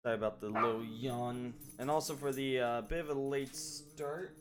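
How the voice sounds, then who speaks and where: A man streaming live gameplay, chatting loosely and thinking out loud, with some swearing. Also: medium pitch, fairly even intonation, moderate pace, over loud music. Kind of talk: casual live gameplay commentary.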